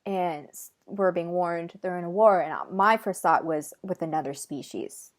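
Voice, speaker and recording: A woman's voice: fairly low pitch, moderate pace. A woman on a video call who passes on a guest's words in casual chat and often laughs. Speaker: host relaying a channeled guest's words.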